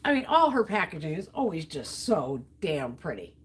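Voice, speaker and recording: A woman's voice: low voice, very animated, moderate pace, slight background noise. A middle-aged American woman hosting a makeup livestream, chatting casually and ranting bluntly with plenty of swearing. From United States. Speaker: beauty livestream host. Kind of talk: casual chat while depotting makeup.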